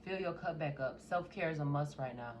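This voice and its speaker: A woman's voice: low-pitched, fairly quick, a little hiss or hum. Blunt, profane woman tarot reader. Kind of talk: casual tarot reading.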